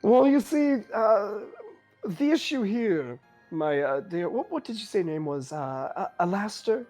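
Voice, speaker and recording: A game master voicing a sly cart merchant with a put-on accent, mock-polite and drawling. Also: male voice, high-pitched, very animated, measured pace, darkish tone, soft background music, pitched above the performer's own voice.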